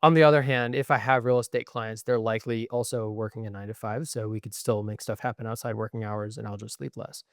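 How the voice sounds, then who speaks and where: A man's voice: lowish voice, fairly even intonation, fast, few pauses, no echo, clean studio sound. A young man co-hosting a podcast in casual chat, ranting in a profane, frustrated way. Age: young adult. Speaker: podcast co-host.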